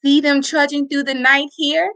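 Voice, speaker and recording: A middle-aged woman reading a picture book aloud to children, slow and expressive, pointing out the pictures. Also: sits high. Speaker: storyteller.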